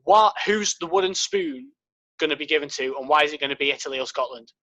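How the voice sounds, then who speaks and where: A man's voice: fairly high pitch, very animated, quick pace, vocal fry, bright, forceful tone. A man co-hosting a podcast in casual banter, telling playful, teasing jokes. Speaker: podcast co-host.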